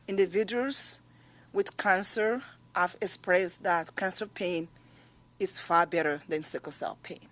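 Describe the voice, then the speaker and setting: A woman's voice: fairly low pitch, a little slow, a bit bright. A woman testifying as a patient advocate at a hearing, speaking earnestly and growing emphatic as she recounts stories.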